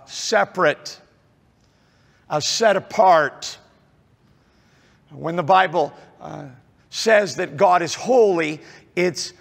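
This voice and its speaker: Male pastor, slightly high, unhurried sermon delivery full of "uh" and "um", fades soft then swells. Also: creaky. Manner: halting, many fillers, drops to near-murmur then rises. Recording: long reverb of a large hall.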